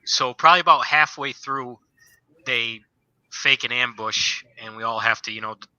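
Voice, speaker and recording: A man with a very bright, forceful voice, recorded close and completely dry with no room sound. He shares old army stories as a guest on a casual podcast. His telling rambles, looping back on itself with filler phrases. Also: mid-range voice, normal speed, smooth, dry recording, lo-fi sound. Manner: rambling storyteller, leans on "you know". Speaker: guest, former soldier.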